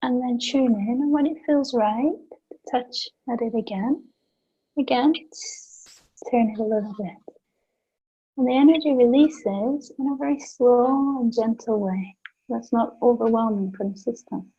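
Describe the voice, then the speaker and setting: A woman facilitating a gentle guided session, speaking softly and soothingly with simple images. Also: a little high, husky, highs cut off. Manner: soft, slow and soothing, with imagery. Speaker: energy work facilitator.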